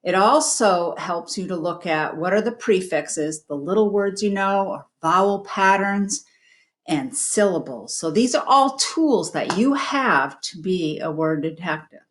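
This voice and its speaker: A woman teaching a phonics lesson at a slow, careful pace, stretching words into their sounds. Her voice sits a little low. The recording has a roomy echo. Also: expressive. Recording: echoey room.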